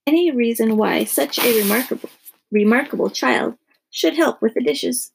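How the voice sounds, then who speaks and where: A woman reading a children's story aloud with expressive narration. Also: a little high, normal speed, gravelly, noisy background.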